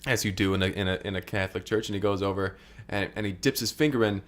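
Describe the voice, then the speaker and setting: A man's voice: deep voice, fairly even intonation, fast. A man improvising a comic story for a podcast, rambling, repeating words and laughing between lines. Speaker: improv performer and narrator.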